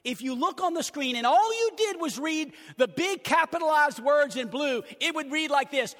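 High-pitched emphatic pastor. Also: male voice, animated, normal speed, hardly any pauses, fairly bright tone. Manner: emphatic, repeating key phrases. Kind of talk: sermon. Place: church sanctuary. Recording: long church hall reverb.

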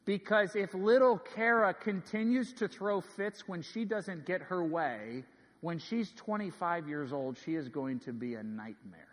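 A man in his thirties preaches with a high, bright-toned voice that carries through a large church sanctuary, and a long reverb trails each phrase. He tells stories earnestly, swinging from ringing emphasis to hushed asides. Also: measured pace. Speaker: pastor. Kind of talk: sermon.

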